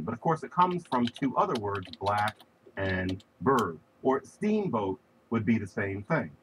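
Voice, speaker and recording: A man's voice: fairly low pitch, background noise. A man giving a recorded lecture on linguistics, explaining ideas through spoken examples and stressing key words.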